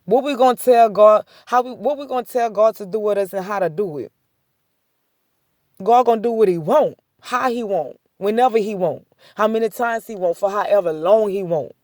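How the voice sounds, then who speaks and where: A woman speaking a heartfelt faith testimony in a relaxed, chatty manner, circling back with "I said" again and again. Her voice sits at an ordinary middle pitch. The recording is dry and close, with no room echo. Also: moderate pace. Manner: repetitive, conversational storytelling with many "I said" asides; chuckles between points. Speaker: faith vlogger. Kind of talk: casual spoken testimony.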